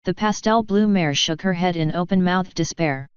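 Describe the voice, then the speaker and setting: A woman narrating a story in a lowish, very smooth voice with an even read-aloud delivery. The recording is dry and slightly dull, like a home setup. It is fanfiction audiobook narration. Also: normal speed, few pauses, no room sound. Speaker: fanfiction reader.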